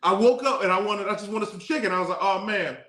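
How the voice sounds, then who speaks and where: A man co-hosting a relationship podcast, playfully defending himself and telling animated stories. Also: high-pitched, fast talker. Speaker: podcast co-host. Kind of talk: casual couple banter. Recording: echoey room.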